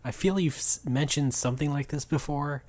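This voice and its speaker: A man's voice: a little high, brisk, a little mellow, dry recording. A man co-hosting a podcast in casual, wry, understated chat. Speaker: podcast co-host.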